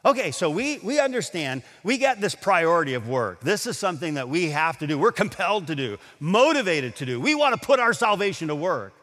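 Animated preaching man in a reverberant hall. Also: high voice. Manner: emphatic preaching with slow stressed scripture quotes. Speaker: pastor. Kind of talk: sermon. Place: large auditorium.

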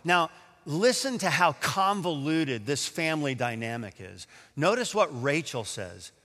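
Animated, high-voiced preacher in a hall. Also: male voice, measured pace. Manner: animated, emphatic, reads scripture aloud. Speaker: pastor. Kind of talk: sermon. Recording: long hall reverb.

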